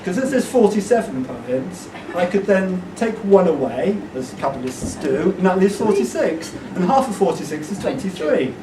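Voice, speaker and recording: A man reading poems at a book launch, playful and joking, leading the audience in a shouted refrain. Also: high voice, sing-song, normal speed, hardly any pauses. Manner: playful, joking, mock-esoteric; shouting the refrain with rising energy. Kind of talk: live poetry reading with audience call-and-response. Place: indoor event room with an audience. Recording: echoey room, far mic, loud crowd noise.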